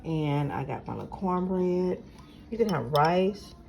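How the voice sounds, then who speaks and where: A woman's voice: lowish voice, expressive, unhurried, gravelly, background noise. A woman talking casually through her home cooking, step by step, as a regular cooking vlogger. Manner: chatty, talks viewers through each step. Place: home kitchen. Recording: kitchen clatter of pots and dishes behind.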